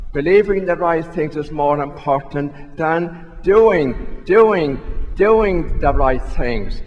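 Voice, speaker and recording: Priest in a reverberant church, unhurried. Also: male voice, fairly high pitch, muffled recording. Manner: conversational, self-questioning storytelling with repetitions. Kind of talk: sermon. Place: large church. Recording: long reverb of a church hall.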